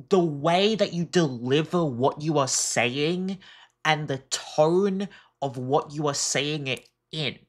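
A woman giving earnest, emphatic reaction commentary, often repeating herself as she makes her point. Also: low voice. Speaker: reaction streamer.

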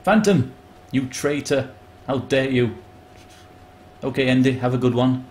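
Excitable man streaming a game. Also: mid-range voice, unhurried, slight background noise. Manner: excitable, chatty, greets viewers by name. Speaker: live-streamer. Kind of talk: casual live game commentary.

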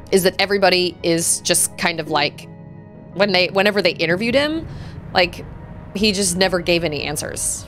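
A woman's voice: mid-range voice, fairly bright tone. A young adult woman streaming a video game, chatting casually and reacting with gasps, laughs and squeals. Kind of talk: casual live gameplay commentary.

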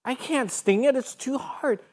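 Woman doing a squeaky frantic little bee. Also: measured pace, a little mellow. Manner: buzzing, alarmed cries. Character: tiny frantic male guard bee.

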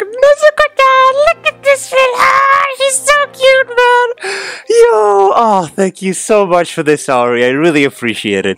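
Guy unboxing stuff, super gushy, keeps saying man and oh my god, trips over his words, faint music behind. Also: fairly high pitch. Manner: gushing, repeats "man" and "oh my god", stammers when excited. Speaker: unboxing channel host. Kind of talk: excited unboxing vlog.

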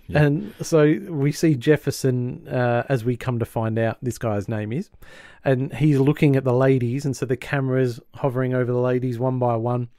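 A man's voice: medium pitch, steady tone, moderate pace, warm tone, dry recording, studio quality. A male podcast host recapping a sitcom episode in a chatty way, laughing easily and acting out the lines.

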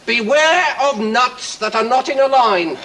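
An actor playing a prim, moralizing English gentleman, pompous and preachy, in a 1970s TV sketch. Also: very high voice, measured pace, over a noisy crowd, very noisy.

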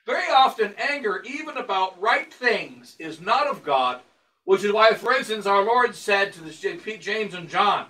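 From a distance from the microphone, a man with a high, bright, expressive voice preaches an emphatic sermon at normal speed, sounding like a priest in a church. He hammers his points with repeated phrases and rhetorical questions he asks and answers himself.

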